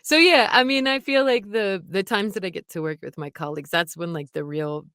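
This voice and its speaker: A woman's voice: medium pitch, a little fast, a bit bright, smooth, no room sound. A young adult woman, an audiobook narrator, chatting casually as an interview guest with lots of fillers and frequent laughter.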